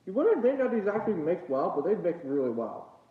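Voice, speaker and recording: A man's voice: sits high, sing-song, brisk. A man chatting casually while eating on a livestream, rambling with many fillers and a bit out of breath. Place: home room with dogs nearby. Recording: echoey room, dull lo-fi sound.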